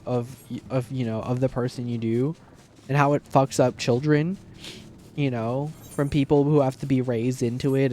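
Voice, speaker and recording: A man's voice: medium pitch, warm tone. A man streaming, ranting casually with lots of swearing and mocking impressions of people he quotes. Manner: ranting, sarcastic, swears often; mocking voices when quoting people.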